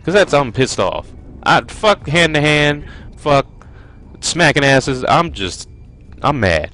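A man's voice: medium pitch, very animated, slow. A man giving profane, frustrated let's play commentary while playing a game. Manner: profane, ranting, loudly frustrated.

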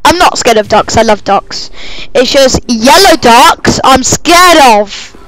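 High, shrieking excitable gamer. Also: slow pace. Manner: excitable, shrieks and yelps at scares. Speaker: gamer playing a chase game. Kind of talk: let's-play commentary. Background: game music.

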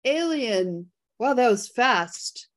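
Excitable woman hosting a live video chat. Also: on the high side, slow pace. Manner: excitable, laughs often while reading poll results and chat. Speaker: host. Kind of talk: casual live webinar chat.

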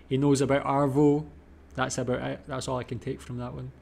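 A man's voice: medium pitch, little pitch movement, brisk, creaky, a little mellow, a little hiss or hum. A man hosting a reaction video, chatting casually and thinking aloud as he goes.

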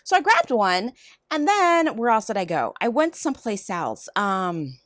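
A woman's voice: a little high, a little slow, dry recording, clean studio sound. A woman vlogger chatting casually about her shopping haul at home, rambling from one item to the next. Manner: rambling, chatty, lively ups and downs. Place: home room.

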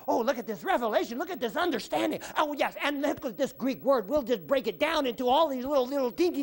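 A man preaching a sermon, animated, shouting out repeated phrases and prodding the congregation with "huh?". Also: extremely high pitch, fairly quick.

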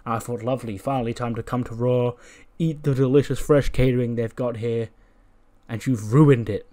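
A man's voice: mid-range voice, steady tone, normal speed, dark tone, close to an everyday voice. A man voicing a worn-out, grumpy male wrestler who whines about his stolen food. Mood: aggrieved.

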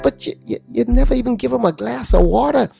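A middle-aged man from Anguilla hosts a devotional radio talk from a studio mic, his voice pitched high with a gravelly, fry-laden edge. He preaches with feeling, drifting now and then into sing-song phrases over faint music. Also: fast talker, warm tone. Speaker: radio DJ and host. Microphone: studio microphone at a mixing desk.

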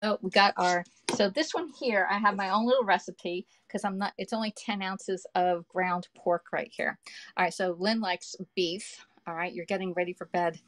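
A woman's voice: medium pitch, normal speed, a bit bright, dry recording. A woman, hosting a live cooking stream from her home kitchen, chatting with viewers and reading their comments aloud. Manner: chatty, reads viewer comments aloud, talks to the audience with "y'all" and "okay".

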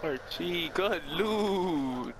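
A young man in voice chat with his squad, loud and joking, swearing and teasing his friends. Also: sits high, lively intonation, extremely slow, crowd noise. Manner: loud, joking trash talk, profane. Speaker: squad teammate. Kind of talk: casual gaming voice chat.

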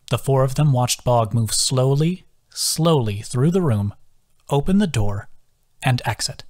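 A man's voice: mid-range voice, unhurried. A man reading his own fantasy novel aloud as audiobook narration. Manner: lively, expressive reading.

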